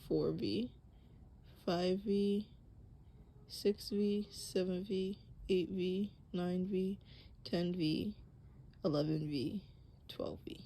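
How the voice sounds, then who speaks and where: A young woman with a slightly low voice talks slowly through a beginner crochet lesson. She sounds casual and chatty, corrects herself and breathes heavily into a close mic. Faint background noise sits under her voice. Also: low-quality recording. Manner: relaxed, chatty, self-correcting with little laughs. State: breathing hard. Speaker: crochet tutorial host. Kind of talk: casual how-to demonstration. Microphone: close mic picking up breathing.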